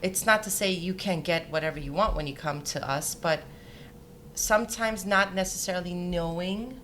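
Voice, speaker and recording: A Danish jewelry designer chats in a conversational interview, telling anecdotes and quoting dialogue. Her voice is on the low side and a bit bright, at normal speed, with slight background noise.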